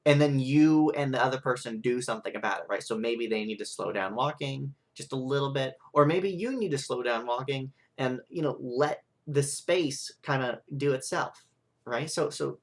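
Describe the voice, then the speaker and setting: Young man, vlog rant, mid-pitched voice, rambling frustrated delivery with constant fillers. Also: moderate pace. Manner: rambling, frustrated, full of "like" and "right?". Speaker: vlogger. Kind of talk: ranting monologue.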